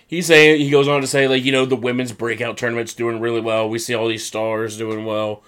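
Male podcast co-host, mid-range voice, chatty recap style, animated impressions. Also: brisk, smooth. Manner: animated retelling, acts out quoted lines in high mock voices. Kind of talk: casual chat.

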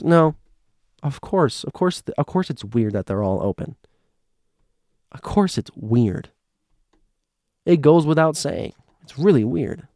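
An American man hosting, chatting casually and reading listener ghost stories aloud, digressive and self-correcting, hushing for the eerie parts. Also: fairly high pitch, expressive, a little slow, long pauses, no room sound, studio quality. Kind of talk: casual commentary and story reading.

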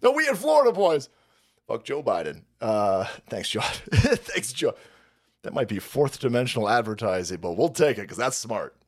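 A man's voice: medium pitch, big pitch swings, normal speed, slightly rough. A man hosting a livestream, ranting crudely and mockingly and laughing often. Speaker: livestream host. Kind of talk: profane political rant stream.

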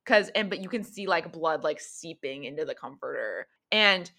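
A woman's voice: deep voice, lively intonation, normal speed, creaky, bright, forceful tone. A woman running a tabletop horror game as game master, narrating in a casual, rambling way with many fillers. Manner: casual, filler-heavy storytelling.

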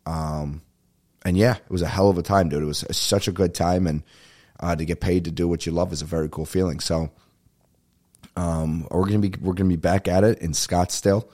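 Young comedian dude rambling on his podcast, low mellow voice, cusses a lot, gets worked up. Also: a little fast. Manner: rambling, profane and animated, voice jumping up when riled. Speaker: podcast host and stand-up comedian. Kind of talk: casual monologue.

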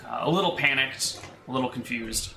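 A man narrating as game master of a tabletop game in a relaxed, hesitant way. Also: medium pitch, brisk, creaky, a little hiss or hum. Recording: roomy echo.

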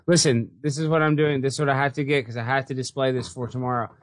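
A man on a casual podcast call, rambling and excitable, often out of breath. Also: medium pitch, fast talker, dry recording, clean studio sound. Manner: rambling, excitable, breaks into loud squeals. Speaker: guest, online troll comedian. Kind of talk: casual chat. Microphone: headphones.

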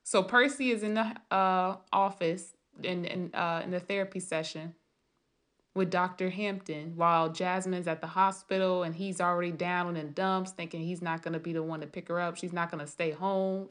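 A woman's voice: fairly low pitch, fairly even intonation, normal speed, fairly bright tone, clean tone. A woman writer rambling through a casual late-night monologue, thinking aloud with many restarts and trailing thoughts.

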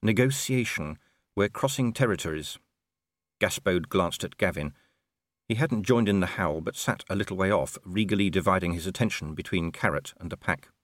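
A man reading an audiobook aloud in scripted narration, measured and expressive. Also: deep voice, dry recording.

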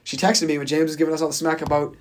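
A man's voice: on the high side, rapid-fire. A young man from South Boston with a Boston accent, hosting a casual radio chat and often talking over his guests. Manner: excitable, talks over others. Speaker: radio show host.

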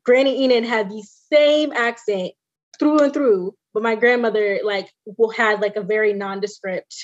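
A woman's voice: on the high side, moderate pace. Chatty woman on a lo-fi podcast. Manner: animated storytelling, mimics relatives' voices. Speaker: podcast co-host. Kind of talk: casual chat.

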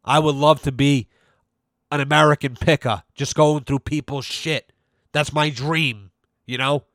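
A man hosting a podcast, ranting in a loose, profane, animated way about weddings and the summer heat. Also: fairly high pitch, unhurried, no room sound, clean studio sound. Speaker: podcast host. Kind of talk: casual rant.

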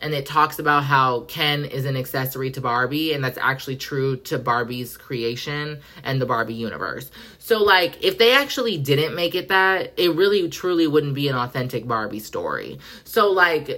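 A woman's voice: low voice, expressive, normal speed, a bit bright. A woman hosting a podcast, ranting in a sassy, profane, slang-heavy way. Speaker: podcast host. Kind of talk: casual pop-culture rant.

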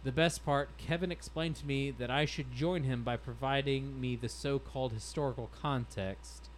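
A man's voice: medium pitch, steady tone, normal speed, a little hiss or hum, low-quality recording. A man hosting a casual podcast, reading stories aloud in a wry, amused way and laughing as he goes. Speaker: podcast host.

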